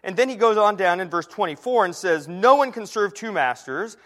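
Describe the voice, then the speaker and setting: A man with a fairly high voice delivers a sermon to his congregation. He teaches in an earnest, steady way, often slowing down and falling to a near hush to press a point home. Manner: earnest teaching tone, slows and drops to a hush at key lines. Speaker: preacher.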